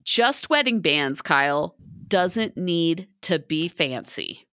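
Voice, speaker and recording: Lively, bright-voiced woman podcaster. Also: on the low side, slow pace, clean tone, dry recording, studio quality. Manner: chatty, giggly, filler-heavy. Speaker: podcast co-host. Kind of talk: casual recap chat.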